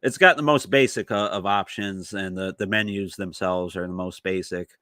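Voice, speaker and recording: Laid-back low-voiced man hosting a podcast. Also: moderate pace, sharp tone, no room sound. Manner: laid-back, hesitant with many fillers. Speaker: podcast host. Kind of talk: casual chat.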